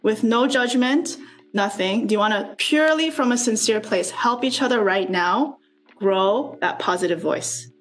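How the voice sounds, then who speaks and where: High-pitched woman, slow and coaxing, leading a workshop on a video call, faint music underneath. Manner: slow, coaxing, asks many questions. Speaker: speaker leading a student workshop. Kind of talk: encouraging group facilitation over video call.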